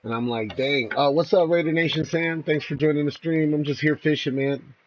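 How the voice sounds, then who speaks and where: A man's voice: fairly high pitch, brisk, slight background noise, rough recording. A laid-back man chatting on a livestream while fishing outdoors, laughing and swearing casually as he tells stories and greets viewers. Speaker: streamer.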